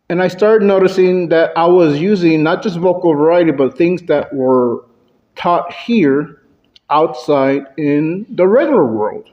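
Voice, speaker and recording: Man, prepared club speech, fairly high voice, unhurried delivery, swings in pitch and volume, dull lo-fi sound. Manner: shifts pitch and loudness for effect. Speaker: Toastmasters club speaker. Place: club meeting room.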